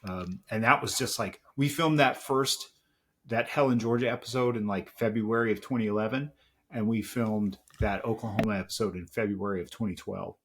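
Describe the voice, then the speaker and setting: A man's voice: on the low side, fairly even intonation, moderate pace, fairly bright tone, a little hiss or hum. A middle-aged man, a podcast guest, telling heartfelt stories in casual chat with lots of fillers. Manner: reflective and heartfelt, with many fillers.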